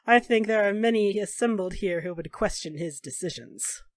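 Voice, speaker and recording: A woman voicing a stern, tall, bony older male elf keeper who speaks in a grave, formal, accusing way. She uses a low, quiet delivery for him. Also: moderate pace, no echo, studio quality, lightly acted.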